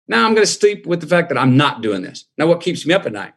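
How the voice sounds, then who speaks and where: A man's voice: fairly high pitch, expressive, fast talker, few pauses. A middle-aged man, telling a personal story in a podcast interview with a drawling, reflective manner. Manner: drawling, reflective storyteller acting out quoted voices. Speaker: guest.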